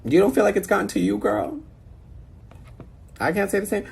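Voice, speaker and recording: A man ranting in disbelief on a phone video call, animated and exasperated. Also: sits high, normal speed, creaky, husky. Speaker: social media personality. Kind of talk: casual rant on a video call.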